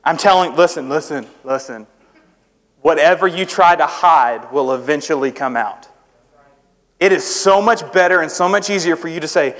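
Young man, youth pastor, high-pitched, conversational sermon, reverberant church hall. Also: moderate pace, a bit bright. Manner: conversational, humorous, asks the crowd questions. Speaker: youth preacher. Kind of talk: sermon to students. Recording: echoey hall with long reverb.

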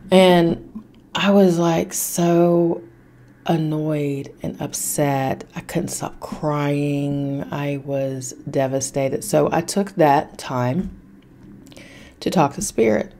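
A woman's voice: deep voice, steady tone, very slow, mellow, slight background noise. A woman hosting a podcast, giving blunt, emphatic self-help advice in a casual spiritual talk, swearing freely and repeating her points. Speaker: podcast host.

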